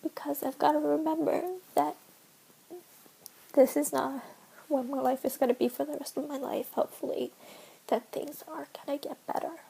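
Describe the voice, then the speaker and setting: A woman in her twenties vlogging to camera in an earnest, emotional way, speaking haltingly and often dropping to a whisper. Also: high-pitched, fairly even intonation, gravelly, mellow, poor audio. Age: 20s. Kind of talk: personal vlog, talking to camera.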